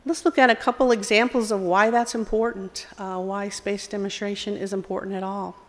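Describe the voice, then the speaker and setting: A woman's voice: mid-range voice, little pitch movement, brisk. Southern woman presenting in a hall. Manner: self-deprecating, friendly, with fillers. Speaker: program executive presenting. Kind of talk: conference presentation. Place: conference hall. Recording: long hall reverb.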